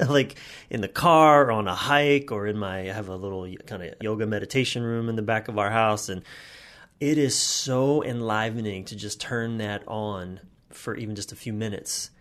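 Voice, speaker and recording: A man's voice: fairly low pitch, moderate pace, fairly bright tone. A man telling personal stories in a candid, blunt way in a podcast conversation, swearing freely.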